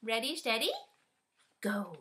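Slow, lively woman reading a storybook. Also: on the high side. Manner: slow, animated and playful, talking to a small child. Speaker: storybook reader. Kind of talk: reading a children's picture book aloud. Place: at home.

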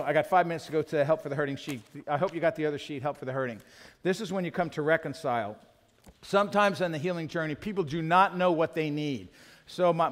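Man, middle-aged, pastor, sermon, slightly high voice, self-deprecating, long church reverb. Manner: candid, self-deprecating, acts out dialogue with his wife. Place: church sanctuary.

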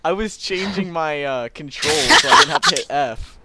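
A man's voice: a little high, big pitch swings, normal speed, very noisy. A teenage boy chatting casually with friends while gaming, giggly and easily surprised. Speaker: gamer.

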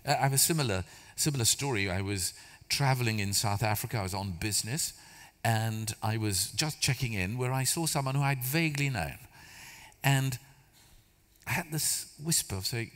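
A man's voice: medium pitch, normal speed, a bit bright. Storytelling man preaching in a reverberant hall. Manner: storytelling, conversational, self-deprecating humor. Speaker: church speaker. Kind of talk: sermon. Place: large church hall.

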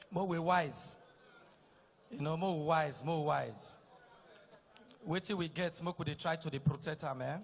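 A middle-aged Nigerian man with a Nigerian Pidgin accent, doing a teasing stand-up routine that repeats lines and shouts punchlines. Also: high voice. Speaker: stand-up comedian. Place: live comedy stage.

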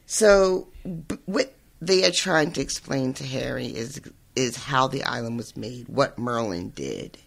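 A man's voice: mid-range voice, lively intonation, unhurried, creaky, fairly bright tone. A man co-hosting a podcast, summarizing book chapters in a rambling way, with frequent laughter and fillers. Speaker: podcast co-host. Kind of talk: casual book discussion chat.

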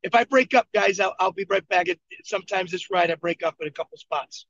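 A man from Buffalo, New York, with a high, gravelly voice coaches his team and drives his points home by repeating them. The sound is dry and dull, like lo-fi video call audio. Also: brisk, a bit bright, no echo. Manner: emphatic, repetitive storytelling. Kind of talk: motivational coaching talk. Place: moving vehicle.

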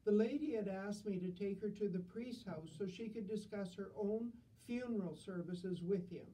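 A woman's voice: mid-range voice, moderate pace, warm tone, distant mic, a little hiss or hum, low-quality recording. An older woman reading humorous stories with dry, self-deprecating wit.

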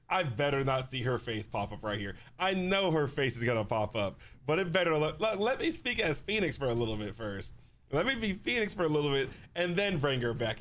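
A man's voice: mid-range voice, a bit bright. A young man doing casual let's play commentary, loose and slangy, laughing often. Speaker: streamer. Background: faint game music.

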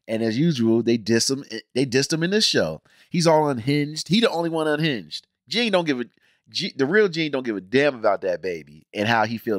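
Animated ranting man, dry close sound. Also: mid-range voice, dry recording. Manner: animated, emphatic, slangy, frequent restarts. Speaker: reaction channel host. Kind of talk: casual ranting review.

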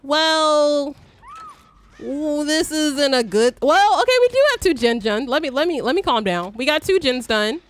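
Excitable young woman streaming a game. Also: sits high, unhurried. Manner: excitable, swears, shrieks when startled. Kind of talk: live gameplay commentary.

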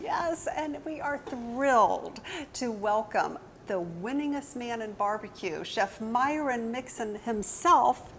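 A woman's voice: a little high, expressive, takes it slowly, slight background noise. Cheerful woman talk show host. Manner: cheerful, enthusiastic. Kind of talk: hosting a cooking talk show. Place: kitchen showroom.

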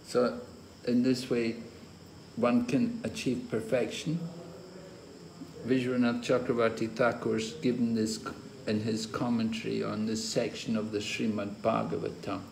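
Male spiritual teacher, scripture lecture, slow measured delivery, roomy echoey recording. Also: mid-range voice, flat delivery, vocal fry, a little mellow. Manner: slow, deliberate explaining with occasional chuckles. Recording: roomy echo with faint ambient noise.

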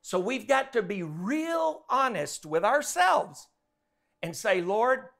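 A man preaching a sermon in an animated way, often acting out the voices in his stories. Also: high voice, takes it slowly, creaky. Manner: animated, acts out quotes.

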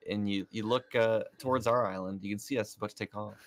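A man's voice: fairly low pitch, steady tone, fast, slight background noise. A man on a gaming voice chat, making playful, silly jokes. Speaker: gaming guest. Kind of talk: casual gameplay chat.

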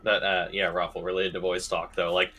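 A man's voice: low voice, monotone, brisk, bright, forceful tone, faint music behind, low-quality recording. A man talking casually with teammates during a co-op game, swearing freely, with hesitant fillers. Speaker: gamer. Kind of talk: casual chat while playing a co-op game.

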